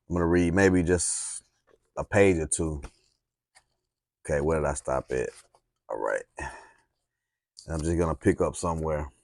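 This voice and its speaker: A man with a very deep voice and a Southern US accent gives relaxed, encouraging speaking tips. He rambles a little and says "um" now and then. The recording is dry and close, with no room sound. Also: dry recording. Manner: relaxed, encouraging, rambling with fillers and reading aloud. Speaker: speaking coach. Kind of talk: casual instructional talk.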